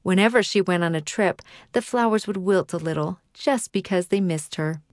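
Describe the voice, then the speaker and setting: A woman reading a children's story aloud in a calm, clear storybook manner. Her voice is on the lower side and sounds dry and close. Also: normal speed, dry recording. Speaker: narrator. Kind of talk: scripted narration of a children's story.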